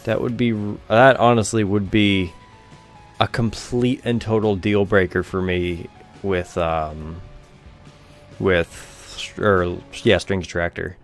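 A man's voice: deep voice, fairly even intonation, slow pace, soft background music. A young man giving rambling, offhand let's-play commentary over a video game, swearing casually. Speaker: gameplay commentator.

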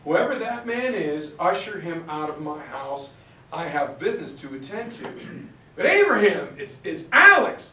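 A man's voice: a little high, sing-song, moderate pace, sharp tone. A man giving a storytelling history lecture, acting out the quotes with shifting voices. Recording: roomy far-off mic recording.

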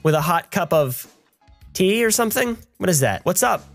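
A young man giving crude, sarcastic commentary as he plays a game, with a highly animated voice that swings from high mocking bursts to low muttering. He jokes and swears constantly while faint game music plays underneath. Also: normal speed, vocal fry. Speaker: gaming commentator. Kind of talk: crude joking let's-play commentary.

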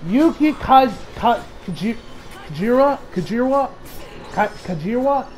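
A man reviewing an anime episode in a casual recap, excitable, swearing freely and laughing often. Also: very high voice, unhurried, faint music behind, poor audio.

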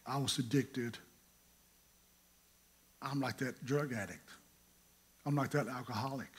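A middle-aged man from North Carolina, telling a lively, humorous story in a sermon and acting out the quotes. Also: mid-range voice, moderate pace, pauses often, breathy edge. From North Carolina, USA. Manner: animated, humorous, acts out quotes. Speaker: preacher.

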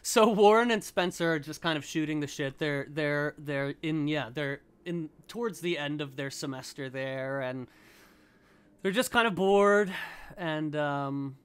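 A man's voice: fairly high pitch, fairly bright tone, clean tone. A man hosting a comedy podcast, telling a story in a rambling, chatty way. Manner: rambling, self-correcting, chatty. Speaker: podcast host.

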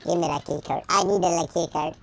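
A man voicing an excitable male cartoon chipmunk who plays a game and yells at it, with a sped-up high-pitched voice. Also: fairly quick, vocal fry, slight background noise. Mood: playful. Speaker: gameplay commentator. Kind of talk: let's-play commentary in character. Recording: game music underneath.

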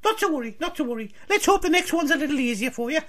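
A man doing a chirpy high-voiced TV quiz host. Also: lively intonation, rapid-fire, a bit bright. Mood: chirpy teasing. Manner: chirpy, teasing. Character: chirpy male TV presenter, cheeky, upbeat. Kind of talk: comedy radio sketch.

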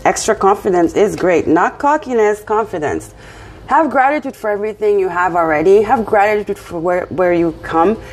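A woman's voice: mid-range voice, animated, normal speed, darkish tone. A woman with a French accent giving a casual tarot reading, encouraging and often checking in with her listener. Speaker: tarot reader.

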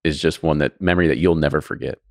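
Low-voiced host guy asking long wandering questions, dry mic. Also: fairly even intonation, fast, creaky, no echo. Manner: rambling questions with many restarts. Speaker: podcast host. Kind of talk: casual interview questions.

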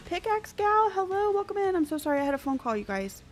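A woman talks in a high, bright register as she streams a game live. She is chatty and excitable and greets her viewers by name. Faint music plays underneath her voice. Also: fast talker. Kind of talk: casual live-stream chat.

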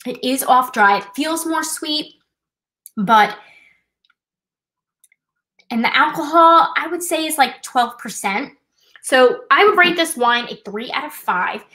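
A woman's voice: high-pitched, animated, slow pace, long pauses, sharp tone, poor audio. A woman hosting a live trivia night, chatting casually and explaining things step by step with a self-deprecating touch. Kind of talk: casual live-stream demonstration.

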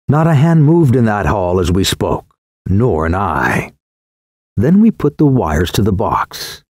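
A man narrating an audiobook in a dramatic, expressive way on a close studio mic. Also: mid-range voice, breathy edge, no echo.

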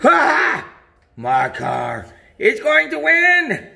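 A man voicing a boastful, cackling male villain who gloats in a low voice. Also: wildly swooping pitch, extremely slow, creaky, sharp tone, heavily acted. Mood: gloating.

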